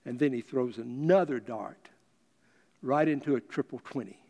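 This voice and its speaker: A man telling a story to an audience in a deliberate, unhurried speech. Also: mid-range voice, mellow. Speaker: speaker. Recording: long reverb of a large hall.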